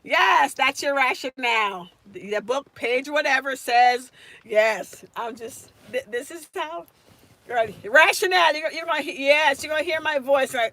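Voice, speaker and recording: A woman's voice: sits high, moderate pace, a bit bright. A woman tutoring nursing students on a casual live stream, chatting and answering viewers' comments by name.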